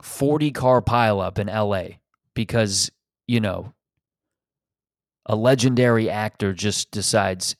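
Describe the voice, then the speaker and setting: A man's voice: lowish voice, slow, long pauses, no echo, clean studio sound. A man hosting a podcast, riffing in a rambling, profane, sarcastic comedic monologue. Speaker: podcast host.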